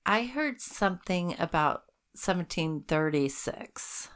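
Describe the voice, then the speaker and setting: A tipsy woman with a lowish, very animated voice chats on a podcast. She breaks in with jokes and quick questions. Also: smooth. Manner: lively, interrupts with jokes and questions. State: tipsy from drinks. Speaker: podcast co-host. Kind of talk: tipsy casual chat.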